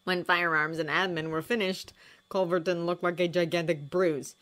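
A woman reading fanfiction aloud in a lively storytelling manner, acting out shouted lines. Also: fairly low pitch, normal speed. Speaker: fanfiction audiobook reader.

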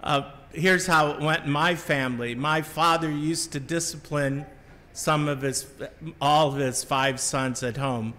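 A middle-aged man from the Midwest preaches a homily in a slow, reflective voice that sits a little high. He tells his story in a measured way and sometimes restarts a phrase. His voice carries the long reverb of a large church. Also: fairly even intonation, bright, forceful tone. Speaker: Catholic priest giving a homily. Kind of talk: sermon.

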